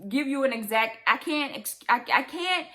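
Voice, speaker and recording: Speaking directly to camera, this young female vlogger has a high, slightly bright voice that stays animated at a moderate pace. Her commentary turns into an impassioned, emphatic rant full of repetition.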